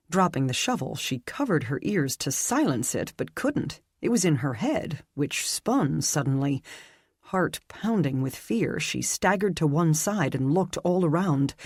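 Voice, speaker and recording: A slow, measured audiobook narration with a breathy, husky edge to the voice. The delivery stays even. The recording is dry and close. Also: mid-range voice, dry recording.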